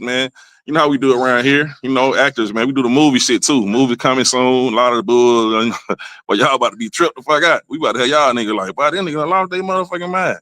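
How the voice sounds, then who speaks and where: A man hosting a comedy podcast with a loud, rowdy monologue, dropping to low mutters and jumping to high exclamations. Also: no room sound. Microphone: desk mic, livestream.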